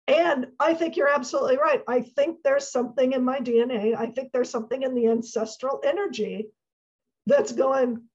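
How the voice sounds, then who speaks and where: A woman guest, a coach, chatting in an animated way. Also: high voice, normal speed, husky, dull audio. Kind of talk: casual conversation.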